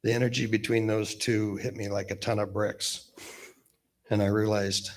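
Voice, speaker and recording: A man in his fifties giving a eulogy at a memorial gathering with gentle humor, pausing often with fillers. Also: lowish voice, level tone. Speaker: eulogy speaker, best man.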